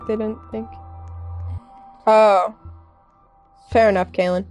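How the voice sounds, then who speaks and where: A woman's voice: medium pitch, a little mellow. Hesitant young woman streamer, faint music. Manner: halting, hesitant, many fillers and restarts; candid and earnest. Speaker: live streamer. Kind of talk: casual chat with stream viewers.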